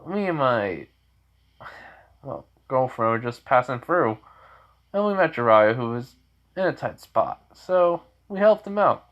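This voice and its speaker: A brash teenage boy ninja, as a man tells it, talks in a cocky, teasing way. The voice sits at an ordinary middle pitch and moves slowly. It is a casual fan-story retelling, not a polished performance. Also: sing-song, dull audio. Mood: boastful.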